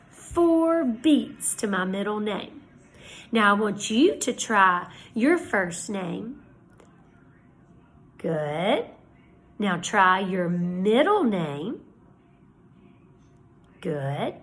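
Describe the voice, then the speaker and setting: A woman teacher giving a lesson to young children, speaking slowly and clearly in an encouraging way. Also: medium pitch, fairly bright tone.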